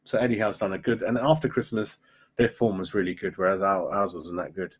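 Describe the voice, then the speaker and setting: A man's voice: sits low, steady tone, a little fast, husky. A middle-aged man hosts a fan live stream, chatting with viewers in an opinionated way and tagging lines with "mate" and "right?". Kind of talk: casual live-stream chat reading viewer comments.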